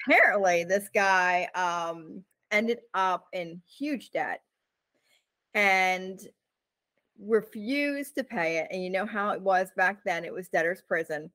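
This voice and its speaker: A woman co-host chats through a story in a loose, animated way, leaning on "like" and "you know" and acting out each quote. Her voice sits at a middle pitch for a woman. The sound is dry and close, with no room around it. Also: slow, no room sound. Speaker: podcast co-host. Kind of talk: casual storytelling chat.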